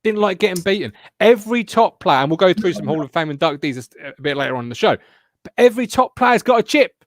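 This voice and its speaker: A man hosting a casual fan show, bantering and teasing his guests over a video call. His voice sits high for a man. The sound is dry and close. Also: expressive, fast, no echo. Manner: jokey, teasing, reads viewer comments. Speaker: host of a fan podcast.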